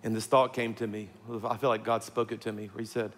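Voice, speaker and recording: A man's voice: fairly low pitch, little pitch movement, fast talker, hardly any pauses, fairly bright tone. A middle-aged man preaching a sermon, telling a personal story with humorous asides and acting out the voices he quotes. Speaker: pastor. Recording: long hall reverb, faint music.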